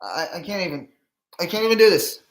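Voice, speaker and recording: A man's voice: sits high, very animated, a little fast, roomy sound. A man reacting live to a ballgame as a fan streamer, anxious and pleading, with heavy sighs.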